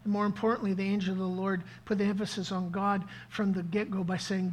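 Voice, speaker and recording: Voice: mid-range voice, level tone, fast talker. A pastor preaching a sermon to a live congregation, asking the crowd questions and repeating key lines. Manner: interactive, asks the audience questions, repeats key phrases.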